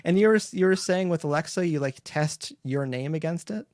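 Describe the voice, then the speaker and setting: A man's voice: fairly high pitch, fairly quick, darkish tone, no room sound, studio quality. A man hosting a podcast interview, chatty and rambling, laughing often as he asks questions. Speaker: podcast host. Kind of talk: casual interview chat.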